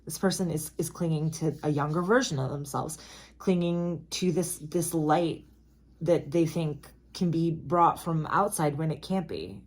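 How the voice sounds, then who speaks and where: A woman with a notably low-pitched voice reads tarot cards in an easy, conversational flow. She is emphatic and chatty, dropping frequent asides and apologies along the way. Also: steady tone, unhurried, a little mellow. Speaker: tarot reader. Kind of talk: casual tarot reading to camera.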